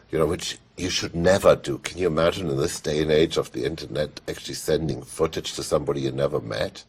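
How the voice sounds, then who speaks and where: A man's voice: low-pitched, breathy edge. A man being interviewed about his work as a film composer, telling stories in a loose, rambling way with lots of fillers and restarts. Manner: animated anecdote telling. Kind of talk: casual storytelling interview.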